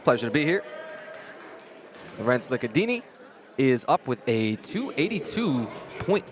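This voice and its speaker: A man doing lively, joking play-by-play commentary on a livestream, chatty and excitable, a bit out of breath. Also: mid-range voice, a little slow, a crowd in the background.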